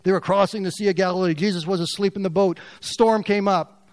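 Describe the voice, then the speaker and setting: A man preaching a sermon as pastor, swinging from loud, raised passages to quiet, near-whispered lines. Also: high-pitched, fairly even intonation, fairly quick, dry recording.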